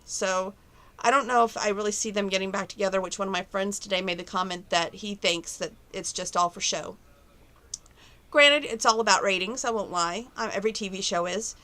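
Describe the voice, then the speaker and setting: A woman with a mid-range, bright voice talks briskly and forcefully to the camera from her bedroom at home. She's a vlogger rambling through strong opinions about relationships and her plans in a casual chat.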